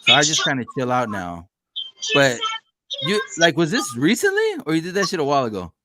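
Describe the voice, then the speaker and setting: Animated, profane man telling stories. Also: fairly high pitch, fairly quick. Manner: profane, laughing storyteller. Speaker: podcast host. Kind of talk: casual chat.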